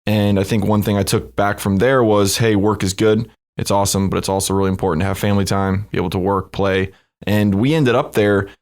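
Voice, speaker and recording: A man's voice: fairly low pitch, steady tone, brisk, a little mellow. A man as a podcast guest, talking in an easygoing, conversational way with frequent fillers. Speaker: podcast guest, company co-founder. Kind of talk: casual podcast interview.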